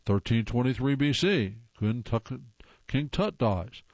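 Male host, mid-pitched, reads silly jokes off the page and groans at them; dull, dry recording. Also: lively intonation, measured pace, a little mellow, no echo. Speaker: host reading jokes aloud. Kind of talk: casual read-aloud.

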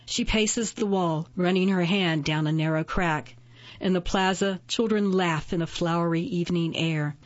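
A woman narrating a fantasy story in a steady, measured reading. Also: on the low side, dull audio. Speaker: audiobook narrator. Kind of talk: scripted narration.

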